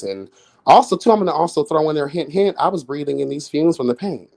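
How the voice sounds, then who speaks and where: A man doing casual live-stream commentary, sassy and flamboyant, swearing often, jumping into high exclamations and chatting with viewers. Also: expressive, fast talker, vocal fry, darkish tone. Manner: chats with viewers in chat.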